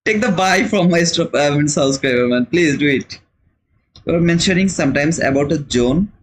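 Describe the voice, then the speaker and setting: Slightly high and expressive, this non-native English speaker talks at a moderate pace as he runs a live trading stream. He answers viewers' comments in a relaxed, chatty way, repeating words frequently, and the recording is rough.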